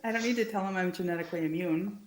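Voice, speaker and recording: A woman in a casual group chat, speaking in a wry, offhand and soft-spoken way. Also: lowish voice, racing, slight background noise.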